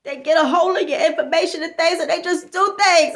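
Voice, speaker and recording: A woman telling a comic story as a sassy church lady, animated and preachy. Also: very high voice, a little fast. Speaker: comedian. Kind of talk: comedic storytelling monologue.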